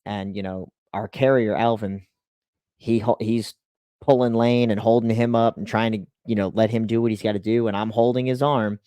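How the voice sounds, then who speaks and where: Lively low-voiced man telling a story. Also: moderate pace, clear, resonant tone, dry recording. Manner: animated, acts out quotes, lots of "like" and "you know". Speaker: race team spotter. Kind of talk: casual storytelling.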